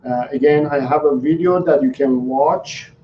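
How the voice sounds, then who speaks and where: On a live stream, a dog trainer works through viewers' questions slowly, often restarting sentences and saying um. He speaks in a mid-range voice. The recording comes across as roomy and dull, distant, with slight noise.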